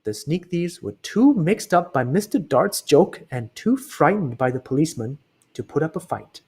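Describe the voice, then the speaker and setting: Man, reading children's book aloud, expressive, husky voice, slows for emphasis. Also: fairly high pitch. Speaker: reader.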